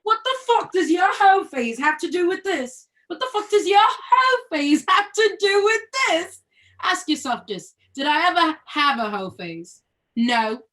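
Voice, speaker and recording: A woman's voice: a little high, big pitch swings, bright, forceful tone, far from the mic, exaggerated voice. A woman reading the part of a blunt young London woman who is teasing her best friend, in a put-on British accent, during a cold reading of a scene. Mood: mocking. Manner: brash, rapid scolding.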